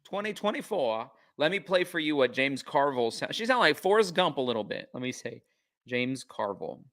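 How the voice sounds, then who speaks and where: A man's voice: medium pitch, big pitch swings, brisk, a bit bright. A man hosting a live-stream reaction commentary, incredulous and mocking.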